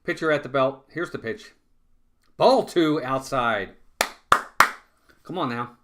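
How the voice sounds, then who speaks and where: A man's voice: medium pitch, slow, background noise. A man doing live fan play-by-play of a baseball game, talking to his chat and venting when calls go against his team. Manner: excitable, groans and vents frustration at calls.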